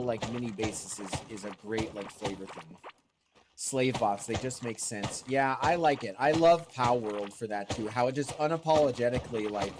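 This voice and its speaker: A male streamer with a lowish voice, still congested from a lingering cold, rambles casually about his gameplay and answers his chat. Game music and other background noise play underneath.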